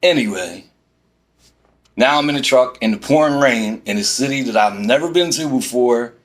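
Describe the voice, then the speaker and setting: A man's voice: mid-range voice, normal speed. Exasperated man ranting. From Philadelphia. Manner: exasperated, animated storytelling with quoted back-and-forth. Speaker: vlogger. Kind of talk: ranting storytime vlog. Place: inside a parked van.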